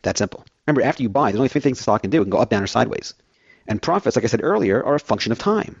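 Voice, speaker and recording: A man's voice: mid-range voice, animated, very fast, vocal fry, husky, dry recording, dull audio. A man filling in as host of a financial radio show, rambling through everyday analogies.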